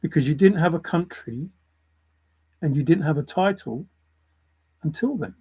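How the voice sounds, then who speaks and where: A man's voice: a little high, lively intonation, normal speed, mellow, husky, low-quality recording. A man ranting to camera in a lecturing way, repeating his points for emphasis. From England. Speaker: vlogger. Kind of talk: opinion rant to camera.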